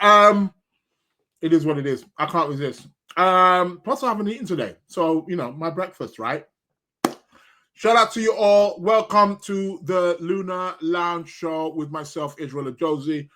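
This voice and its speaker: A man's voice: fairly high pitch, sharp tone. A man hosting an astrology podcast live stream in a casual, rambling chat, greeting viewers by name and munching snacks as he talks.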